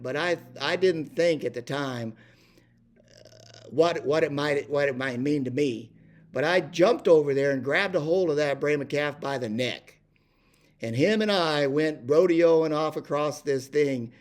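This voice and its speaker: A man's voice: a little high, a little slow. An older man telling a rambling ranch story, full of fillers and restarts. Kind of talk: casual spoken storytelling.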